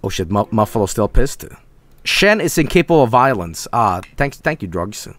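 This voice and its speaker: A young man streaming a game, swearing and sarcastic, swinging between yelling and low mumbles. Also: sing-song, moderate pace.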